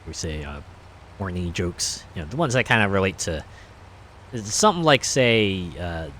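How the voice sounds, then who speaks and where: A man's voice: low-pitched, sing-song, moderate pace, fairly bright tone, a little hiss or hum. A man streaming a game, chatting casually in a rambling, hesitant way with many fillers. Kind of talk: casual chat while playing.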